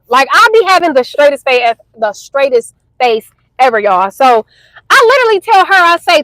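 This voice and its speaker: A young woman telling a high school story to her viewers in a chatty, animated way. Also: moderate pace, no echo, poor audio. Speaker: storytime vlogger.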